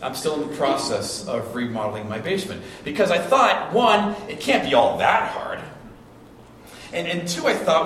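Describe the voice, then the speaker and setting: Male pastor, sermon, conversational, repeats phrases, fairly high voice, heavy reverb. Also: lively intonation, moderate pace, a bit bright. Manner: conversational storytelling with frequent restarts and repeated phrases. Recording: echoey hall recording from a distance with faint noise.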